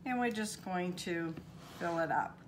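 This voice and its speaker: Speaking a little slowly at a fairly low pitch over a noisy background, the older Maine-born home cooking vlogger shows how she bakes in her home kitchen. With her Maine accent, she's chatty and homespun, treating viewers as folks.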